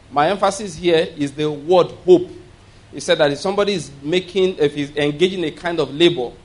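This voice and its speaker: A man preaching a sermon, pausing to check that listeners follow and slowing down to stress key points. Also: on the high side. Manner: emphatic teaching, frequent "you understand?" and "all right?" checks; slows and gets louder for emphasis.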